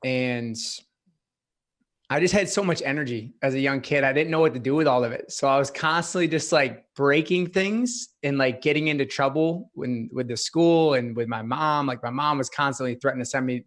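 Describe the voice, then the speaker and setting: A man's voice: medium pitch, normal speed, fairly bright tone. A young man sharing his life story as a podcast guest, earnest and open, with many casual fillers. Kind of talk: personal storytelling interview.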